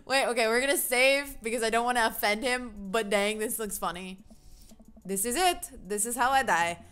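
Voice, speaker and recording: A woman's voice: a little high, normal speed, fairly bright tone, clear, resonant tone. A woman streaming a game, chatting casually and giggling as she greets her chat and reads along. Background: faint game music.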